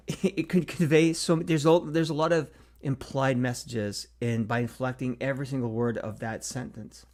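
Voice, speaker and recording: A man's voice: medium pitch, a little mellow. A middle-aged man talking casually to camera about marketing, thinking aloud with frequent fillers and restarts. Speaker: marketing consultant hosting a Q&A series. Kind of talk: casual solo talk to camera.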